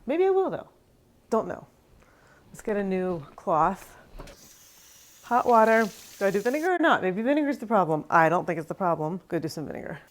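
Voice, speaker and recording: A woman's voice: medium pitch, expressive, fairly quick. Chatty exasperated woman vlogging. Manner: chatty, exasperated, self-mocking. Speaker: cheesemaking channel host. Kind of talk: casual kitchen vlog talking to camera. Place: home kitchen.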